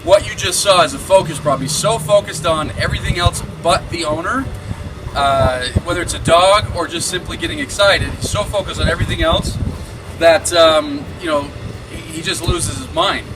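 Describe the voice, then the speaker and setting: Energetic male dog trainer, slightly high voice. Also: normal speed, noisy background. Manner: energetic and explanatory, lots of "you know" and "like". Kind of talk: instructional walkthrough. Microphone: camera following him while he works. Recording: distant mic with music behind.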